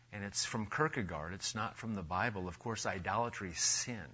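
A man with a husky, fairly low voice hosts an interview, asking pointed questions and moving things along. The sound is dull and lo-fi. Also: a bit bright. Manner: leading questions, steering the talk. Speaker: interview host. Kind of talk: conversational radio interview.

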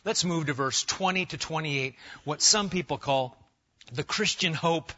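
Middle-aged male pastor, conversational expository preaching with questions to the room; bright, forceful tone, muffled lo-fi capture. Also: on the high side, a little slow. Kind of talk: expository sermon.

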